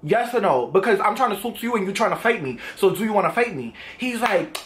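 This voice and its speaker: A man's voice: high voice, animated, fast, fairly bright tone, slight background noise. A young man vlogging, animatedly retelling a confrontation in casual slang, acting out what was said. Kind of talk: storytime vlog.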